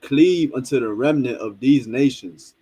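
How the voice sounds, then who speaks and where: A man reading scripture aloud slowly and deliberately for a teacher. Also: medium pitch, warm tone, husky, rough recording. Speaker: scripture reader.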